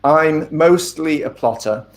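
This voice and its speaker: A middle-aged man, an author being interviewed, talking in a thoughtful, measured way with frequent ums and asides. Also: on the high side. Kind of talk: casual interview talk.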